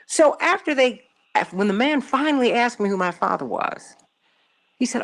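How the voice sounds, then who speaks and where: A woman's voice: medium pitch, expressive, normal speed. A middle-aged woman from Chicago hosting a call-in radio show, telling a personal story emphatically and repeating herself for stress. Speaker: radio talk show host.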